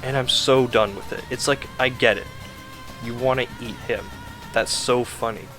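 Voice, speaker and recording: A man's voice: mid-range voice, steady tone, normal speed, pushed and bright, faint music behind. A man giving a casual, rambling game review, ranting in an exasperated, sarcastic way with lots of fillers.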